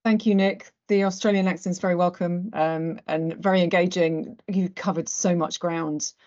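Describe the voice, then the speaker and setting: A woman hosting a session on a video call, thanking the speaker in a warm, appreciative way. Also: lowish voice, steady tone, moderate pace. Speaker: session host. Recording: dull lo-fi call audio.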